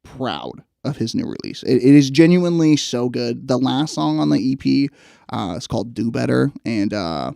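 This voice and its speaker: Gravelly, mellow-voiced young man chatting. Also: medium pitch, no room sound, clean studio sound. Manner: excited, laughing, quick asides. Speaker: guest rapper. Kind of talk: casual chat.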